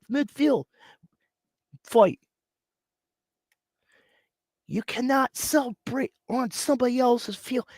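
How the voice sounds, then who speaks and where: A man's voice: very high-pitched, no echo. A man hosts a sports stream while nursing a cough. He rants and mocks in a voice that leaps up and down. The sound is close and dry, with no room around it. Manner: animated, mocking, mimics players. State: sick with a cough. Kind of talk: casual live-stream rant.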